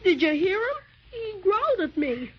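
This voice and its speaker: A woman playing an eager, bold young boy in a 1930s radio drama. She makes him sound excited and bossy. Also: very high voice, normal speed. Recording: dull 1930s radio transcription.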